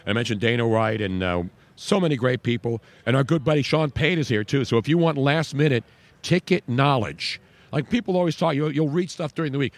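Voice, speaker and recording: A man's voice: medium pitch, brisk, dry recording. A man hosting a casual radio talk show, joking and rambling.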